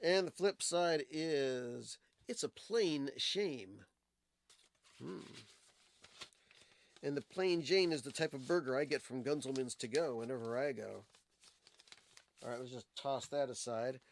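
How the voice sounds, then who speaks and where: A man's voice: medium pitch, unhurried, vocal fry, long pauses, a little hiss or hum. Rambling man showing old records. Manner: rambling, digressive storyteller with fillers. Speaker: livestream host. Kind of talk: casual music talk, showing old records.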